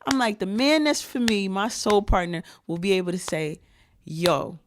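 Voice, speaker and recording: A woman's voice: mid-range voice, expressive, moderate pace, a little hiss or hum. A woman in her thirties from New Jersey, a guest talking in casual conversation in an emphatic, slangy way. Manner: emphatic, street slang, talks like a rapper.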